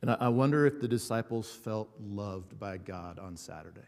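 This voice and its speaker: A man preaching a sermon as a pastor, earnest and building emphasis with slow repeated words. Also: fairly low pitch, animated, vocal fry, darkish tone. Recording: hall reverb.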